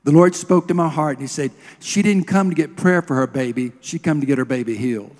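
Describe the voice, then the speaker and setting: A man's voice: on the high side, brisk, darkish tone. A man preaching a sermon, telling a healing story with emotion and leading a prayer. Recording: long hall reverb.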